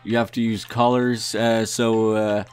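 A man's voice: fairly low pitch, flat delivery, unhurried, darkish tone, clear, resonant tone. Young guy doing cocky funny gameplay commentary, swears a lot, faint music behind. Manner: brash, mock-arrogant, laughing and swearing. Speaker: gaming youtuber.

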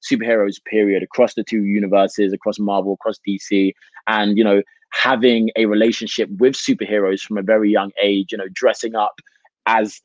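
A British man, an actor, talking through his craft at length in a relaxed interview, with frequent "you know" fillers. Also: lowish voice, fairly quick, no room sound, lo-fi sound. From United Kingdom. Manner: expansive, reflective, many "you know" fillers. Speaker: actor, guest. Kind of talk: casual interview chat.

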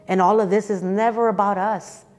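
A woman's voice: mid-range voice, steady tone, normal speed, a little mellow, long reverb tail, faint music behind. A woman in her fifties giving an emotional personal testimony, earnest and repeating phrases for emphasis. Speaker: church speaker sharing her testimony.

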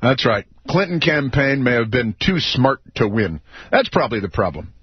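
A man's voice: mid-range voice, big pitch swings, moderate pace, slightly rough, no room sound. A man hosting political talk radio, sarcastic, mocking and combative. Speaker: radio talk show host. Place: radio studio. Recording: dry, slightly dull studio audio.

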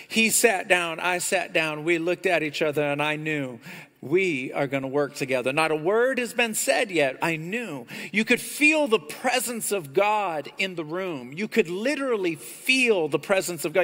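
A bright, high-pitched man preaching in a church sanctuary. His animated delivery rises and swells on key points. A long hall reverb trails each phrase. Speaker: pastor. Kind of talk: sermon.

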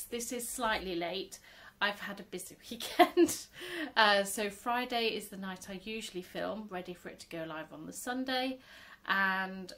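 A woman talking casually to camera as host of her own crafting show. She rambles warmly between hesitations, often pausing on an um or slipping into a small laugh. Her voice sits at a medium pitch for a woman. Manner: chatty, hesitant with frequent ums and little laughs. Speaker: crochet podcast host.

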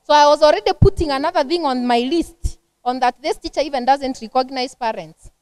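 A middle-aged Kenyan woman leads a church parenting seminar in a high, bright-sitting voice. She teaches in a lively, conversational way, acting out little household scenes. The sound is dry, with almost no room around her. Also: a little fast, no echo. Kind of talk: seminar talk to a church women's group.

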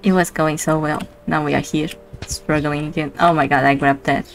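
A woman's voice: low-pitched, little pitch movement, normal speed, poor audio. A woman streaming a co-op game, giggling and exclaiming often in casual chat. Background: faint lofi music.

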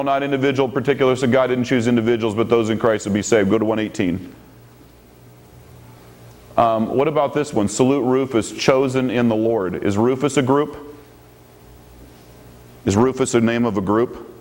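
A man delivering a formal debate rebuttal at a medium pitch. He presses each point emphatically and repeats key phrases for effect. He moves through scripture references and keeps asking for the next slide. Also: darkish tone.

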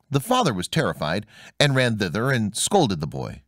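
A man reading a fairy tale aloud in a measured, expressive way as storyteller. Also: on the low side, no room sound, studio quality. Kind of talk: scripted fairy-tale narration.

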